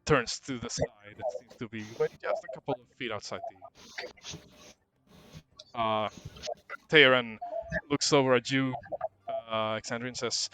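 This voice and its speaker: A man's voice: mid-range voice, steady tone, measured pace, long pauses, sharp tone. A man narrating a tabletop game as game master, rambling and hesitant with many restarts.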